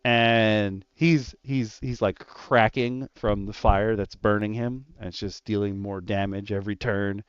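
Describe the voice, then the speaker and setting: A man's voice: lowish voice, a little slow, hardly any pauses, clear, resonant tone, dry recording, muffled recording. A man who is a dungeon master, casually recounting a tabletop session and acting out his players' voices. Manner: animated storyteller, acts out his players' voices. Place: online voice call. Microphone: gaming headset.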